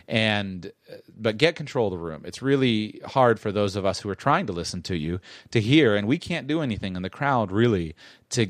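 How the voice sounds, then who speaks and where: A man's voice: on the low side, no echo, studio quality. A man hosting a show, giving public speaking tips in a chatty, rambling way that keeps correcting itself. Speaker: podcast host. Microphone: close studio mic.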